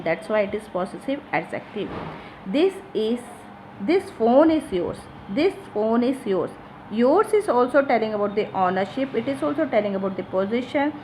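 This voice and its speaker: A woman's voice: mid-range voice, slight background noise, poor audio. A woman teacher, explaining grammar to schoolchildren in an online class, repeating each example sentence. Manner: addresses pupils directly as children.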